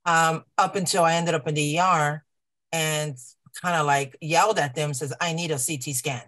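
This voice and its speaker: A woman patient advocate telling a personal story on a video call, earnest and animated, acting out the voices of people she quotes. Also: low-pitched, normal speed. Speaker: lung cancer patient advocate.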